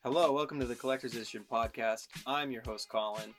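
A young man hosts a casual podcast chat with a playful, jokey manner and bits of mock-grand showmanship. His voice sits at an ordinary pitch for a man. Music plays clearly behind him. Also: steady tone, fast, a bit bright. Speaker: podcast host.

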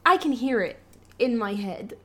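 High, animated woman chatting. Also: unhurried. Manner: expressive, animated reactions. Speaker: podcast co-host. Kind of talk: casual chat.

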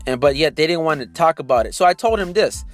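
A podcast host with a fairly high-pitched, expressive voice tells a story fast, ranting casually and indignantly while speaking straight to his listeners. Faint music plays in the background.

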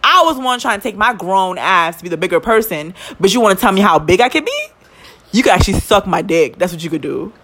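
A young woman, telling a story in casual chat as a podcast co-host, profane and quick to indignation. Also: medium pitch, big pitch swings, a bit bright, slight background noise.

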